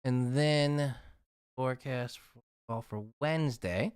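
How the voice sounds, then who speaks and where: A man's voice: medium pitch, slow pace, smooth. A man hosting a casual weather livestream, chatting with viewers and reading snowfall forecasts aloud off his screen.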